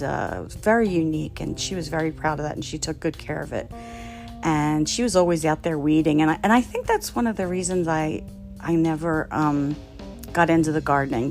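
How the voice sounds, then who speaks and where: Laughing, rambling middle-aged woman storyteller. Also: sits low. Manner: rambling, laughs often, many fillers and restarts. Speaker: storyteller, podcast host. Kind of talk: casual storytelling.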